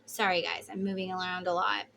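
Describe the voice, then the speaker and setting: A woman's voice: fairly low pitch, level tone, a little fast, creaky, pushed and bright, slight background noise. A woman giving a casual tarot reading to her viewers, emotive and chatty, with the odd swear word. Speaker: tarot reader.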